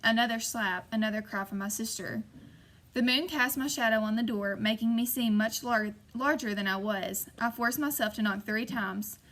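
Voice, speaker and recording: Woman reading a scary story aloud, somewhat high voice, measured and suspenseful. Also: fairly bright tone. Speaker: audiobook narrator. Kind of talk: scripted first-person narration.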